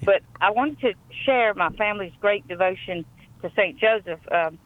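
A woman's voice: mid-range voice, normal speed. Louisiana woman calling in on a phone line. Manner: chatty storyteller, warm and rambling. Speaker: caller. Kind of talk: call-in phone chat.

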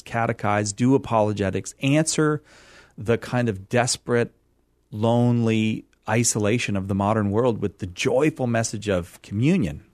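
A man's voice: mid-range voice, darkish tone, dry recording. A middle-aged man from California, a radio guest who talks in a rambling, self-deprecating way and laughs easily. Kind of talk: casual interview chat.

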